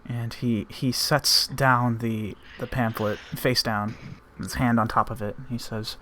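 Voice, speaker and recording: A man narrating as game master, relaxed with many fillers, voicing characters along the way. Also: medium pitch, unhurried.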